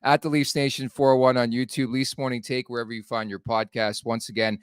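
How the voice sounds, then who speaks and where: A man's voice: medium pitch, flat delivery, fairly quick, clean tone, dry recording, clean studio sound. A man co-hosting a casual sports talk show, chatty and laughing along, reading promos between topics. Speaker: podcast co-host.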